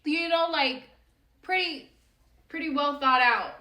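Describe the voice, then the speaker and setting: A woman's voice: high voice, slow, bright, forceful tone, reverberant. A young woman chatting casually as co-host, teasing and laughing often. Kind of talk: casual chat.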